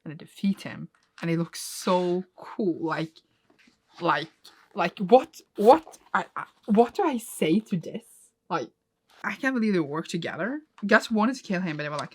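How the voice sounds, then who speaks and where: A woman casually retelling and reacting to a comic she is reading, excitable and emotional, often laughing and close to tears. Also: mid-range voice, normal speed. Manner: excitable, gushing, laughs often, retells scenes with quoted voices. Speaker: manga reaction vlogger.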